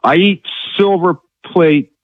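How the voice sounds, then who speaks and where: A man's voice: sits high, slow, dry recording. Friendly male radio caller from Virginia. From Virginia, USA. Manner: friendly, chatty, indignant. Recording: dull phone-in line.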